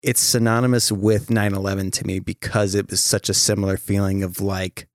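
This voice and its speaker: A man's voice: low voice, brisk, few pauses, no room sound, studio quality. A man hosting a podcast, talking casually and animatedly, with frequent swearing. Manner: profane, animated storytelling. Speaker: podcast host. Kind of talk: casual chat.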